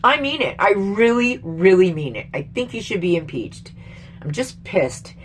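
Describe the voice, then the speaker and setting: A middle-aged woman from Canada rants heatedly into her own vlog, swearing and emphatic, her pitch leaping up when she gets exasperated. Her voice sits at a middle pitch, with a faint noise underneath. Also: big pitch swings, normal speed. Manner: rambling with restarts and sudden jumps in pitch. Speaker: vlogger. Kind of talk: casual angry political rant.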